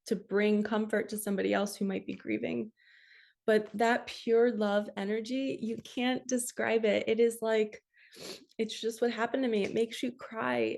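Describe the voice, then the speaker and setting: Woman, middle-aged, spiritual card reader, gravelly voice, soft and heartfelt, intuitive reading. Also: on the high side. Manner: soft, heartfelt, tearful at times.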